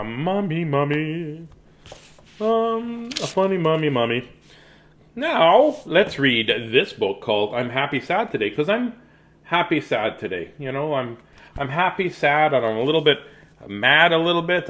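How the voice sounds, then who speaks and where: A man at home chatting with children and reading them a storybook aloud, talking in a friendly, repetitive way. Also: medium pitch. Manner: chatty, warm toward children, repeats words often. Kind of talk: casual chat and storybook reading to kids.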